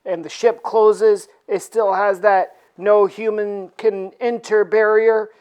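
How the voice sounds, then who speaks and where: A woman's voice: mid-range voice, fairly even intonation, takes it slowly, hardly any pauses, darkish tone, smooth. A woman casually recapping a comic issue in an irreverent, joking way, with plenty of "uh" fillers. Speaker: comic book reviewer.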